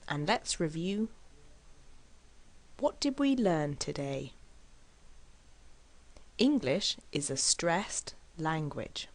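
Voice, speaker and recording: A woman teaching an English lesson in a scripted style, pronouncing words slowly and deliberately. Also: low voice, lively intonation.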